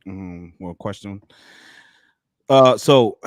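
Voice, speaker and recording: A man's voice: deep voice, normal speed, no room sound, clean studio sound. A man hosting a live stream, musing aloud in a casual, rambling way with frequent restarts. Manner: thoughtful, rambling, with many restarts.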